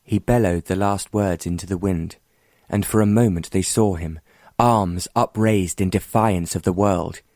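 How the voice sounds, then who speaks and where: A male audiobook narrator telling a period romance in an even, measured manner. His voice is low-pitched, and the recording is dry and close with no room sound. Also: no room sound.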